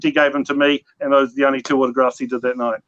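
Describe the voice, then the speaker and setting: A man's voice: mid-range voice, little pitch movement, rapid-fire, fairly bright tone. A man with a New Zealand accent, hosting a casual chat and telling long, rambling stories with many restarts. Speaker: host. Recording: dull lo-fi audio, faint noise.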